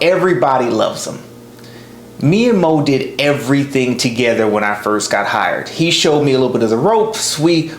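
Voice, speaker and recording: A man in his thirties telling a personal story as a podcast host, relaxed and conversational with lively asides. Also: mid-range voice, a little hiss or hum. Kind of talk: casual storytelling. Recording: roomy echo.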